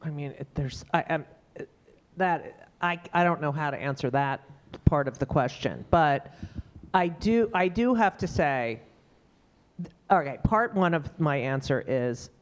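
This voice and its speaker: Animated middle-aged comedian woman. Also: unhurried. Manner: animated, emphatic storyteller with sudden pitch jumps. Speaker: stand-up comedian. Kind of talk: panel conversation.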